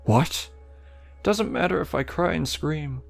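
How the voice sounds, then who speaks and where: A high, soft girl spirit, put on by a man, gently pleading and sweetly sad. She sounds lonely and eerie as she tries to keep a visitor with her. The voice carries a slight gravelly edge underneath. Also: very animated, takes it slowly, soft background music, heavily acted.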